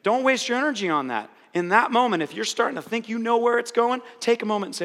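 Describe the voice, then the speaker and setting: Man, high bright voice, animated preacher, acts out quotes, echoing hall. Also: fairly quick. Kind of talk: sermon-style teaching. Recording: reverberant hall.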